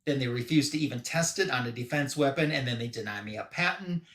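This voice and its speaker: A man's voice: mid-range voice, quick pace, a bit bright, roomy sound, lightly acted. A man voicing a bitter, desperate scientist.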